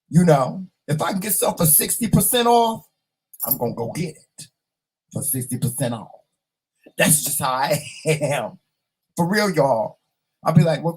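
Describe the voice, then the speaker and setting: A man's voice: medium pitch, husky, poor audio. A man chatting casually with viewers, reading their comments and dramatically acting out little scenes. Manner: animated, dramatic, talks to viewers and acts out scenes. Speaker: vlog host.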